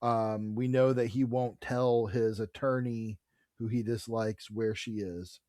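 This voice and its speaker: A man co-hosting a podcast, retelling a comic book's plot in animated bursts and swearing freely. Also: medium pitch, measured pace, no room sound. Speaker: podcast co-host. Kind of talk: casual comic book discussion.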